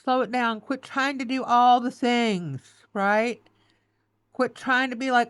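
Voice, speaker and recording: A woman's voice: on the high side, takes it slowly, a bit bright, clean tone, no room sound. A woman giving an emotional, reassuring tarot reading, close to tears, often repeating herself and calling the listener "baby". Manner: emotional, reassuring, repetitive, says "okay" and "baby". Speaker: tarot reader.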